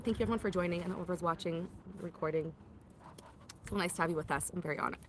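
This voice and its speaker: Woman, rebbetzin teaching a class, rapid talk, acts out the characters' lines, noisy background hiss. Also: on the low side. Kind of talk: lively retelling of a Torah story.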